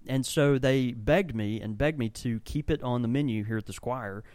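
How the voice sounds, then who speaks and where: A man's voice: medium pitch, moderate pace, darkish tone, no echo, clean studio sound. A man co-hosting a casual podcast from a tobacco shop, talking enthusiastically and rambling through descriptions. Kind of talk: casual chat.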